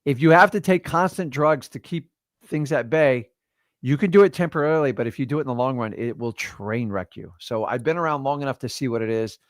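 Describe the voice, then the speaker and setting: A man's voice: mid-range voice, a little fast, no echo, clean studio sound. A man in his fifties hosting a livestream, giving casual motivational talk and addressing listeners directly in a preachy way. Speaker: livestream host.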